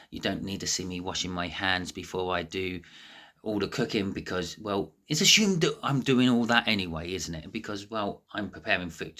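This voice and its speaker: Bloke rambling at the camera from his living room, kinda nervous, lots of restarts, fairly low bright voice. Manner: nervous and rambling, with many false starts. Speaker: cooking and prepping channel host. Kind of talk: casual to-camera chat.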